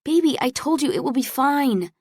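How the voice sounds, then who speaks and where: A woman's voice: high-pitched, animated, moderate pace, darkish tone, no room sound, voice pushed up. Woman reading nosy bubbly college girl, pushy, teasing, very dry close sound. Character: bubbly meddling young woman, college student.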